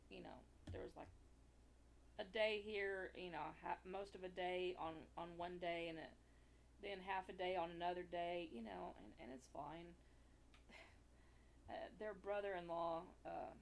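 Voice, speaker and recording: A woman's voice: mid-range voice, vocal fry, a little hiss or hum. A woman vlogger telling a casual, rambling story, full of fillers and amused asides. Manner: chatty and amused. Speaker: crafting vlogger.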